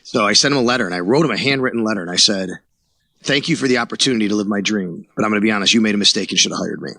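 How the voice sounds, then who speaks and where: Quick-talking man from Buffalo with a bright, forceful tone, a reporter guest on a podcast who acts out what others said. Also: on the low side, no echo. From Buffalo, New York. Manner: animated, acts out quoted dialogue. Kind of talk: casual storytelling interview.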